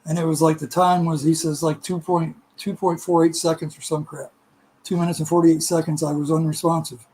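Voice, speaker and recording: A middle-aged man tells a rambling personal story in casual chat, his voice sitting a little high. He is animated and quick to laugh, and slips into the voices of people in the tale. A faint background noise runs under the recording. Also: low-quality recording.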